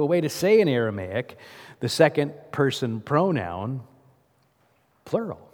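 A man preaches in a church sanctuary, his sermon loose and conversational and full of questions for the congregation. His mid-pitched voice has a darkish tone and echoes with long reverb from the large room.

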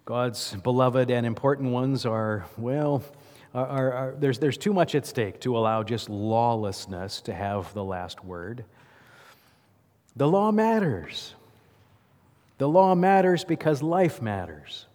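A pastor speaks to his congregation in a relaxed, conversational sermon, asking them questions as he goes. He takes his time, his medium-pitched, darkish voice expressive, and the sanctuary gives it a long hall reverb.

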